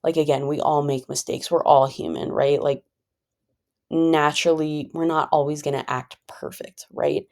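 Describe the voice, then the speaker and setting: Low-voiced woman, rambling chat. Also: little pitch movement, normal speed, creaky, darkish tone. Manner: rambling, filler-heavy, conversational; calls herself a pretty chill person. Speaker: vlogger. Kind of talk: casual personal monologue.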